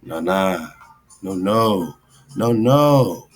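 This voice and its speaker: Speaking extremely slowly, a radio host with a deep, breathy-edged voice sounds animated as he rambles through casual esoteric commentary over a screen share. He keeps tagging his lines with "right?" and "man".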